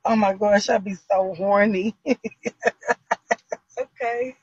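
A man with a high, husky voice hosts a casual livestream, complaining again and again in an exasperated way. The sound is dry and close, and slightly muffled like lo-fi stream audio. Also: steady tone, takes it slowly, no echo. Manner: exasperated, repetitive complaining with frequent laughs. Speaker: livestream host.

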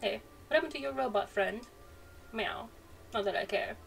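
A woman's voice: fairly high pitch, moderate pace, creaky, soft background music. A woman voicing a cagey male cat merchant who tacks "meow" onto his sentences. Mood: sly. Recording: distant mic, faint noise.

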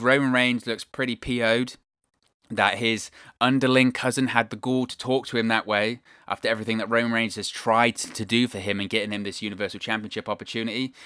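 A man's voice: medium pitch, sharp tone, smooth, no echo, studio quality. A British man hosting a wrestling news show, giving casual commentary in an enthusiastic manner and repeating phrases for emphasis.

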